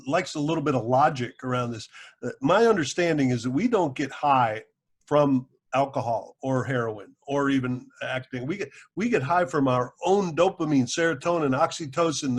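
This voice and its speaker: Man, podcast host, relaxed, joking, slightly high voice. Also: breathy edge. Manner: relaxed, joking, explains in plain terms. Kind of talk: casual interview chat.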